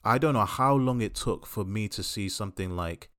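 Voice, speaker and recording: A man hosting a casual chat podcast, talking in a passionate and opinionated way with quick asides. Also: on the low side, fairly bright tone. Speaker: podcast host.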